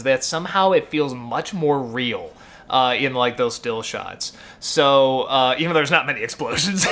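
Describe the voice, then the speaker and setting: A man's voice: medium pitch, pushed and bright. A man in his thirties hosting a web show, talking casually and loosely with lots of fillers, getting worked up over small moments. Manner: rambling, full of fillers and self-corrections, gets worked up about small things. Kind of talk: casual unscripted talk to camera.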